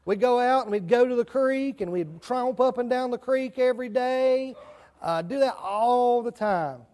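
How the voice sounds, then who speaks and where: High-voiced country-accented man preaching to kids. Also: moderate pace, darkish tone. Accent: rural Southern US country. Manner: friendly, chatty, asks kids questions. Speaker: children's sermon leader. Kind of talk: children's sermon. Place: church sanctuary.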